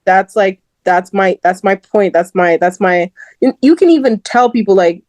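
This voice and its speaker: A young woman chatting on a podcast, lively and quick to laugh, with "like" in nearly every sentence. Her voice sits at an ordinary middle pitch. The sound is close and dry, with no room around it. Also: no echo. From Southern California. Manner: animated, laughs often, heavy use of "like". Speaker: guest host. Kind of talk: casual podcast chat.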